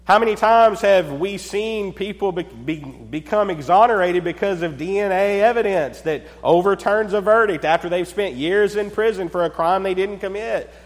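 A pastor preaches a sermon in a voice pitched well above most men's, and the room gives off a long, ringing reverb. He uses dramatic pauses and drops to a near-hush on key words and points, repeatedly putting rhetorical questions to the congregation.

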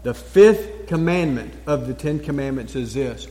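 A man preaching a sermon as a pastor. He is emphatic, repeats key phrases and pauses for effect. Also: mid-range voice, animated, mellow. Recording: long church reverb.

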